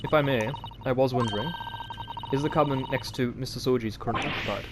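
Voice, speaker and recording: A man voicing a polite young male student in a game, asking careful, slightly hesitant questions, with steady noise in the background. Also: medium pitch, quick pace, natural voice. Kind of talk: let's-play dialogue reading.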